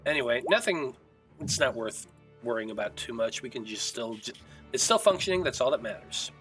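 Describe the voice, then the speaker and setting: A man's voice: medium pitch, animated, a little fast, a bit bright, faint music behind, rough recording. A man narrating as game master of a tabletop game in a casual, hesitant way with fillers.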